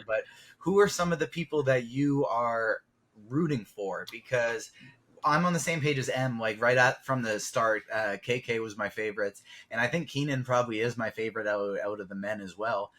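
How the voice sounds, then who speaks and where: A man's voice: mid-range voice, normal speed, a bit bright. A man in a casual podcast chat, rambling and hedging as he talks. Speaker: podcast co-host.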